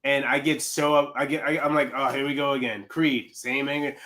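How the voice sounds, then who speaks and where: A man's voice: medium pitch, fairly even intonation, fairly quick, pushed and bright. A man co-hosting a podcast in casual chat, teasing and playful, often restarting his sentences. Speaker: podcast co-host.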